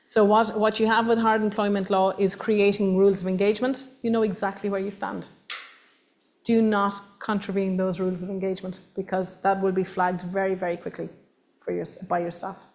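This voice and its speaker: A woman's voice: medium pitch, a little fast. Emphatic Irish woman presenting a workshop. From Ireland. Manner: animated, emphatic, acts out voices of others. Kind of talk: lively workshop talk to an audience. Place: meeting room with audience.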